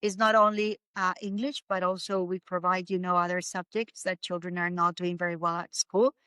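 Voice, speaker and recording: A woman's voice: fairly low pitch, level tone, normal speed, smooth, no room sound. Spanish-accented woman, dry close sound. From Spain. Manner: warm storytelling with frequent fillers and restarts. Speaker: guest, English academy owner. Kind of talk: casual chat.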